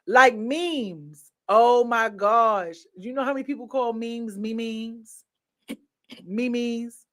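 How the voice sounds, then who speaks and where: A woman hosts a casual live stream chat with her viewers. She talks playfully and laughs often. Her voice swings between loud and soft. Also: on the high side, slow.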